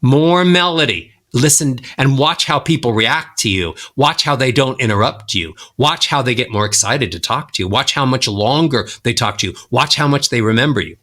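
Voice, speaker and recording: A middle-aged man speaks as a voice coach in a podcast interview, his voice bright and ringing. He teaches by example, sliding his pitch up and down in wide, lively swoops. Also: moderate pace, few pauses. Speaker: voice coach guest. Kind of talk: podcast interview, demonstrating tips.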